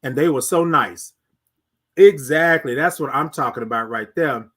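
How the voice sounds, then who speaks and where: A man with a Texan accent hosting a live morning stream, chatting with viewers and singing out long, drawn-out greetings. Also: medium pitch. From Texas. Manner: animated, sings out drawn-out greetings. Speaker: host.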